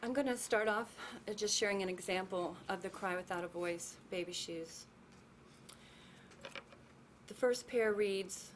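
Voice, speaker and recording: A woman giving emotional personal testimony at a public event, speaking earnestly and slowing down as she reads. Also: medium pitch, a little hiss or hum. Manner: earnest, emotional, slow when reading.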